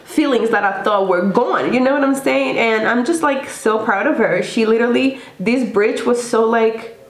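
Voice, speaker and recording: A woman's voice: a little high, normal speed. Gushing young woman, echoey room. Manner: gushing, effusive, lots of "like" and "literally". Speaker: reaction video host. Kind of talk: casual music reaction. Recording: echoey room with music playing. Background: faint music.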